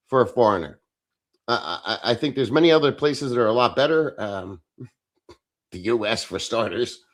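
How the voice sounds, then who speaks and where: A middle-aged man talks loosely to his livestream audience at an average pitch. He is blunt and sarcastic and swears often while answering viewers' comments. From Philadelphia, USA. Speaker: livestream host. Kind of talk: casual livestream chat reading comments.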